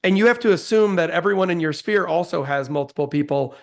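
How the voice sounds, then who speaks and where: A man's voice: a little high, fast, creaky. A man co-hosting a webinar discussion, chiming in with enthusiastic, emphatic remarks.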